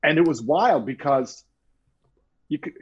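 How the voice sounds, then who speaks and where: Middle-aged interview guest from Canada, husky, spins anecdotes with acted-out quotes. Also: male voice, on the high side, a little slow, dull audio. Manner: animated anecdotes with quoted voices. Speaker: guest author. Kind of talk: storytelling interview talk.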